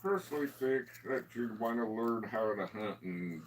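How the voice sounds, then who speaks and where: A man's voice: mid-range voice, normal speed. A man in casual chat, cracking jokes. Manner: joking, wisecracking.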